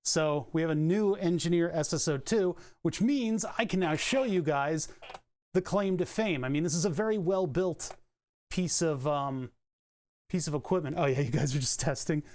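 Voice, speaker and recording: A man's voice: on the high side, normal speed, darkish tone. A young man thinking aloud and swearing casually while he streams a car electronics repair. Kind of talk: casual live-stream commentary.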